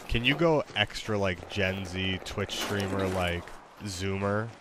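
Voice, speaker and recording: Deep-voiced man, laid-back halting gamer chat, noisy stream mic. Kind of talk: casual chat while gaming.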